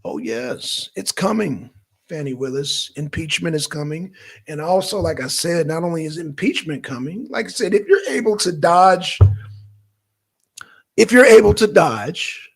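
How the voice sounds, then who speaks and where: Southern man with a Georgia accent, a gravelly, husky livestream host, chatty and talking straight to his viewers. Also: fairly high pitch, lively intonation, a little slow. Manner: chatty, addresses viewers directly, gives shout-outs. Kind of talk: casual political livestream commentary.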